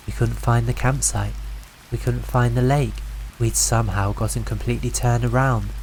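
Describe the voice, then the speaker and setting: A man narrating a scripted horror story in an even, measured way. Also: mid-range voice, a little hiss or hum, poor audio. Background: faint rain.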